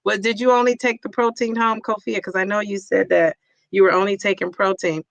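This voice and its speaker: A woman's voice: medium pitch, steady tone, a little fast, creaky, no echo. A middle-aged woman hosting a casual live-stream chat, reading viewer comments aloud and cheering people on.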